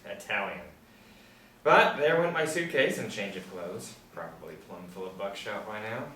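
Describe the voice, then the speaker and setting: A cocky, folksy drifter full of tall talk, read by a man at a table read, in a lowish voice that breaks into loud bursts. He sounds distant in a roomy space, with a faint hum behind. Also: lively intonation, normal speed. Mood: swaggering. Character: boastful, folksy male drifter, self-styled soldier of fortune.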